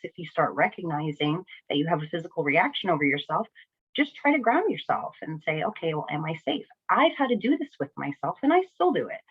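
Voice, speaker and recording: A woman candidly talking through her own experiences in a reflective personal vlog, often checking in with "right?" and "you know?". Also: fairly low pitch. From New Jersey. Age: adult, a single mother. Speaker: vlogger sharing personal experience. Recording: tinny phone-like audio.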